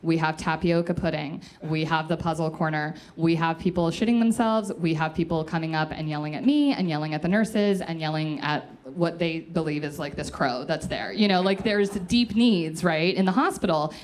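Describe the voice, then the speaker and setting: A woman's voice: deep voice, normal speed, few pauses. A woman comedian telling a personal story in a casual, profane way, acting out the people she quotes.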